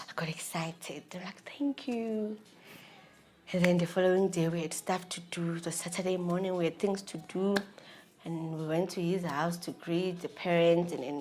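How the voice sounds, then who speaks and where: A young woman with a South African accent, telling a personal story in an animated, laughing, slangy way. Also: on the low side. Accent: South African English. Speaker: vlogger. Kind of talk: storytelling about her marriage.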